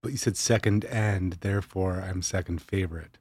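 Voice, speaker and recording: A man's voice: low voice, normal speed, a little mellow, slight background noise. A man co-hosting a podcast with his wife, chatting casually in a dry, teasing, nitpicky way. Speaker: co-host, host's husband. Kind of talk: casual chat.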